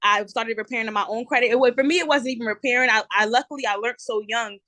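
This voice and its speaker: A woman's voice: on the high side, fast talker, no echo. Casting note: twenties New Jersey-accented woman, candid podcast guest, dry close sound. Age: 20s. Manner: lively, candid, lots of "um" and "you know". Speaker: guest entrepreneur. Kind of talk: casual interview chat.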